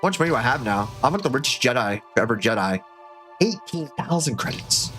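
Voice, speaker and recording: A man giving casual gameplay commentary as a streamer, excitable and joking, swearing often. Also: medium pitch, a little fast. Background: game music.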